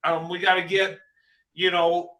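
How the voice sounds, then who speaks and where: A man hosting a casual livestream chat, halting and repeating words while he encourages a friend. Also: sits high, flat delivery, pushed and bright, echoey room. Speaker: host.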